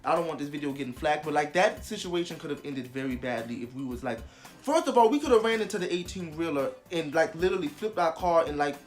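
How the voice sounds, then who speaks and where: A young vlogger telling a story casually, animated and emphatic, with heavy swearing. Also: mid-range voice.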